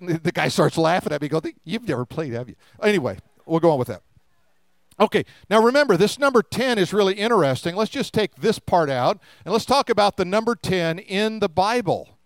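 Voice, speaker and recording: High-voiced joking male pastor. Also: clean tone, no echo, studio quality. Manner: humorous, acts out quoted voices. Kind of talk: sermon.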